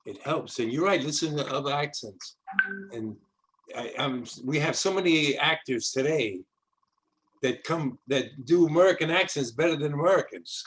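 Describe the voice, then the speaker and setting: An older man from the South Bronx in New York hosts a casual video-call interview, rambling, repeating words and often starting over. His voice runs on the high side and a bit bright, with lively intonation at a normal speed, though the recording is low quality.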